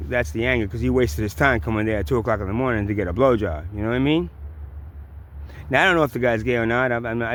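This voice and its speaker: A male vlogger with a New York accent rambles through a personal story, swearing freely and often restarting or repeating himself. His voice is mid-range, and the casual storytelling carries a little hiss or hum.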